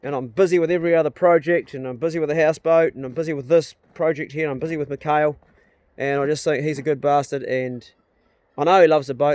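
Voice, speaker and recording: A man's voice: medium pitch, darkish tone, no echo. A middle-aged man, chatting casually and bluntly on a vlog outdoors on a rural property. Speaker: vlogger. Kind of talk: casual chat.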